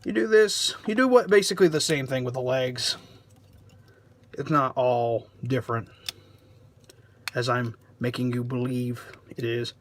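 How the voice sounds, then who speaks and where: A man's voice: mid-range voice, a little slow, long pauses, a little hiss or hum. A man hosting a casual toy review vlog, rambling along with sarcastic, self-deprecating asides.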